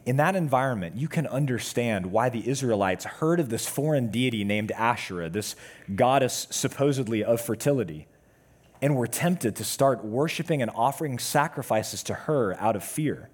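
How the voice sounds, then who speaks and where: Husky-voiced male preacher. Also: mid-range voice, expressive, normal speed. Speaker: pastor. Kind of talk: sermon.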